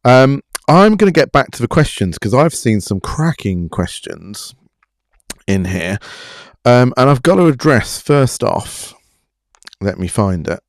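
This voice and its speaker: A man's voice: medium pitch, sing-song, measured pace, no echo, studio quality. A man hosting a live show, chatting casually, self-deprecating as he reads viewer comments. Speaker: show host. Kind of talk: live-stream chat.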